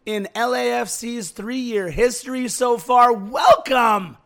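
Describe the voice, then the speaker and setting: Hoarse man, high gravelly voice, excited podcast co-host, jokey. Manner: hyped, jokey, rapid asides. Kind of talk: casual sports podcast chat.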